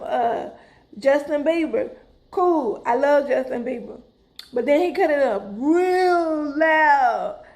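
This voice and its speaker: A middle-aged woman tells a story straight to her viewers. Her voice sits high and she talks in a lively, dramatic way, calling out to them as "y'all". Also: vocal fry. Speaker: vlogger. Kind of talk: casual storytelling to camera.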